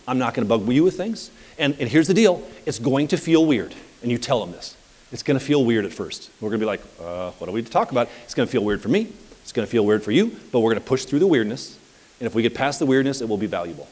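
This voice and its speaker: A man coaching at a live seminar, telling anecdotes in an energetic, conversational way. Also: medium pitch, fast, big-room sound. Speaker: property management business coach. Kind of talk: live seminar talk with audience questions.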